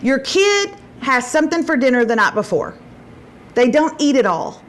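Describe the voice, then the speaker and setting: Woman host, middle-aged, animated storyteller, higher voice. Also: normal speed, a little hiss or hum. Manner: chatty storytelling, acts out quotes with big pitch jumps. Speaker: show host. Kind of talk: casual chat show.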